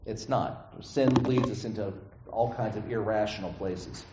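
A man's voice: on the low side, a little slow, noisy background. A man preaching a sermon in a conversational way who often checks in with the listeners by asking "right?". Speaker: pastor. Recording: echoey room, slightly dull sound.

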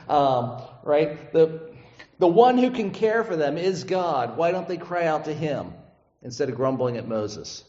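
A man's voice: a little high, big pitch swings, takes it slowly, a little mellow. Man, pastor, conversational sermon, frequent "right?" asides, roomy church sound, muffled recording. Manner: conversational, asks the congregation "right?" often. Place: church sanctuary. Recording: echoey church hall, dull lo-fi sound.

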